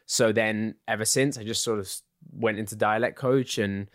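A young man with an English accent, chatting casually as an interview guest, relaxed and quick to laugh with lots of fillers. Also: lowish voice, dry recording, studio quality. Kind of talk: casual chat.

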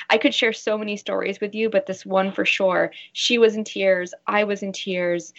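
A woman's voice: mid-range voice, creaky, lo-fi sound. A woman who works as a bra fitter, talking earnestly in a casual interview and telling stories with animation.

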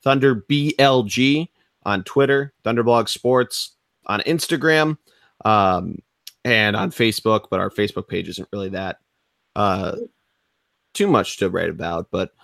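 A man's voice: lowish voice, a little slow, vocal fry, fairly bright tone, dry recording, clean studio sound. A young man co-hosting a sports podcast, chatting casually and rambling, with loose swearing. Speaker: podcast co-host.

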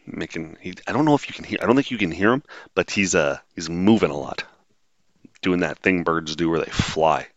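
A man's voice: low voice, a little fast, no room sound. A man hosting a podcast, talking on his own in a rambling, wry and sarcastic way, full of ums and uhs. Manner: rambling, wry and sarcastic, frequent filler words. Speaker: podcast host. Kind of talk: casual solo monologue. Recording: dull, dry lo-fi sound.

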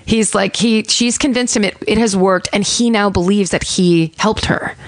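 A woman's voice: moderate pace, dry recording. A woman co-hosting a podcast, telling a crime story in casual, swearing chat and acting out the quotes. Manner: animated, swearing, acts out quotes in a higher voice. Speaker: podcast co-host.

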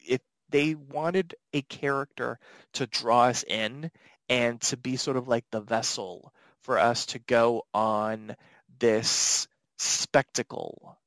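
A man's voice: mid-range voice, slow, a bit bright, no echo. A man hosting a casual podcast chat, talking in an upbeat, playful way. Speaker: podcast host.

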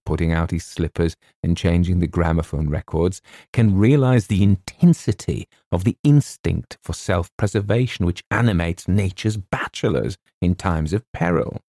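A man reading a comic story as narrator in measured, scripted narration. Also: low voice, creaky, warm tone, dry recording, studio quality. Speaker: audiobook narrator.

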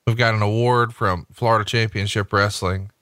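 A man's voice: fairly low pitch, fairly even intonation, moderate pace, a bit bright, clear, resonant tone, dry recording, clean studio sound. A man hosting a casual podcast, enthusiastic and full of "like" and "I mean". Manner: enthusiastic, listing things, filler "like".

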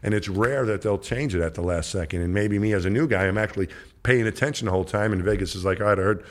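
In a casual storytelling interview, a middle-aged man who used to be an astronaut rambles through a lengthy anecdote as a guest. He voices the dialogue of the characters himself, talking fast in a fairly low pitch.

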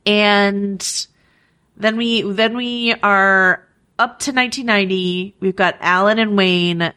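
A woman co-hosting a podcast, chatting casually about a TV show with wry, quick asides. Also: medium pitch, steady tone, pushed and bright. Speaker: podcast co-host. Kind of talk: casual TV recap discussion.

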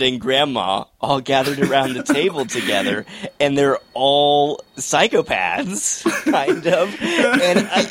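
A man's voice: medium pitch, fairly bright tone. A man co-hosting a TV review podcast, chatting in an easygoing, playful way and laughing often as he talks. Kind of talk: casual review chat.

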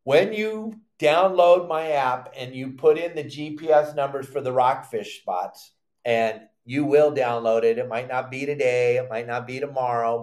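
An older man hosting a live fishing show, teaching in an animated, loud way with surfer slang. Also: medium pitch, reverberant. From Southern California.

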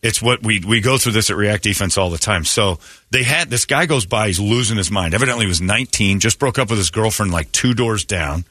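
A man hosting a morning rock radio show, telling stories in a blunt, animated way. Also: on the low side, brisk, no echo. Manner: blunt, storytelling, animated retelling. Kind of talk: casual talk radio banter. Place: radio studio. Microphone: studio mic. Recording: dry close studio sound.

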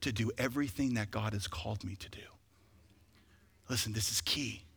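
Fervent pastor preaching in a reverberant church. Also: male voice, fairly low pitch, moderate pace, gravelly, fairly bright tone, slightly rough. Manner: preaching with rising emphasis and rhetorical questions. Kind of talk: sermon. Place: church sanctuary.

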